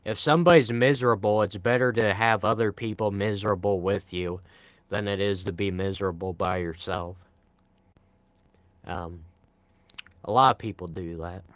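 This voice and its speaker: Laid-back young man with a dry, low voice. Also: fairly even intonation, normal speed, long pauses, dry recording. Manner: laid-back, rambling, frequent sighs. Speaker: live streamer. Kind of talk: casual live-stream chat, answering comments.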